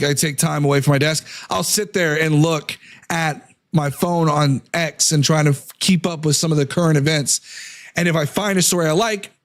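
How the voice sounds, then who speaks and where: A young adult man hosting a political live stream, reading corporate statements aloud and tearing into them while losing his voice to a cold. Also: on the high side. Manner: reads statements aloud, then rants against them. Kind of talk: casual live-stream commentary.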